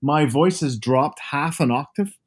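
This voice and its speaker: Northern Irish man in his fifties, animated. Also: a little high, measured pace, slightly rough. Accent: Northern Irish, softened by years abroad. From Northern Ireland. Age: 50s. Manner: animated storyteller, lively asides. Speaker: guest author. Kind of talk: casual chat over a video call. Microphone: video call.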